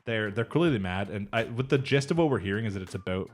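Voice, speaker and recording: Fast-talking man recapping an anime. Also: lowish voice. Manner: animated retelling, acts out characters' lines; frequent swearing and laughing. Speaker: podcast co-host. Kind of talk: casual anime recap chat.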